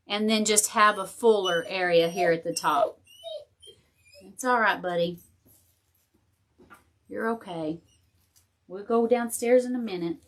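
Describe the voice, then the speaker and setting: A chatty woman talks through a craft project in an easygoing way. Her voice sits at an ordinary middle pitch. She muses aloud and breaks off to chat with viewers. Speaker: crafting tutorial host. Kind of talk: casual live crafting tutorial.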